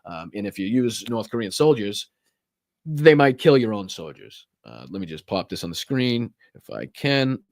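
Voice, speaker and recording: Boston male host, lowish voice, dry close sound, sarcastic and profane, reads headlines with asides. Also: sing-song, normal speed, darkish tone, no echo. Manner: profane, sarcastic, laughs at the news; reads news aloud with stumbles and asides. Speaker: political talk show host. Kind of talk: live-stream political commentary.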